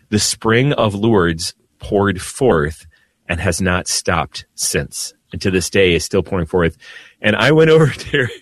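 A man, a priest, telling heartfelt stories in an animated way on a radio talk show. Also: deep voice, dry recording. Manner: emotional, animated storyteller with laughs. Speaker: priest guest. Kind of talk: storytelling radio conversation.

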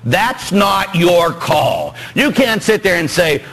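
A man's voice: takes it slowly, vocal fry, poor audio. A man with a Pittsburgh accent, a priest preaching a joking, emphatic sermon to his congregation in a church. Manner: animated, joking with congregation, rising emphatic pitch.

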